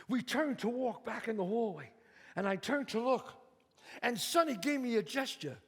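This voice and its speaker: A man's voice: extremely high pitch, expressive, moderate pace, slightly rough. A man from the Bronx telling a story on stage alone in a vivid, streetwise, dramatic way. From the Bronx, New York. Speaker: solo stage performer. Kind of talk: theatrical storytelling. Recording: stage reverb in a hall.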